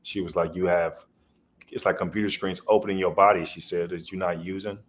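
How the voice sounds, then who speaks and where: A man's voice: deep voice, fairly even intonation, fairly quick. A man guest on a podcast, telling rambling stories in a loose, slangy way. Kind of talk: casual storytelling interview.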